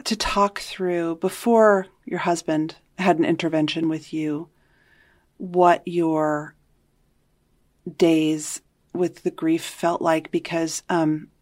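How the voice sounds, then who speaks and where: A woman interviewing a guest, asking gentle, probing questions. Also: sits low, steady tone, slow.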